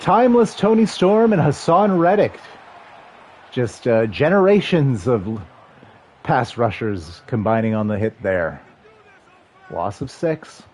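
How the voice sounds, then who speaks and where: A man in his thirties streaming a football video game, calling the plays and chatting with viewers in a rambling, excitable way. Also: mid-range voice, a little slow, long pauses, slight background noise. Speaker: livestream gamer and commentator. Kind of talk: casual play-by-play chat with chat.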